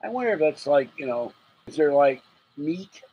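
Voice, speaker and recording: A man's voice: a little high, very animated, moderate pace, husky, no room sound, highs cut off. A man hosting a late-night livestream, rambling and joking with viewers, chuckling often and getting sleepy. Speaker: livestream host.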